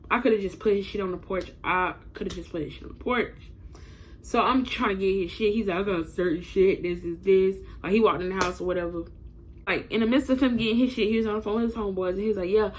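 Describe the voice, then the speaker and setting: A woman's voice: mid-range voice, slight background noise. A young woman telling a personal story to her viewers in a casual vlog, blunt and profane, talking straight to camera.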